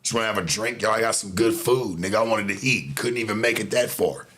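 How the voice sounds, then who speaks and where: A man's voice: on the low side, fast talker, fairly bright tone. A man hosting a show, telling a story in a casual, profane monologue full of street slang. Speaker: show host.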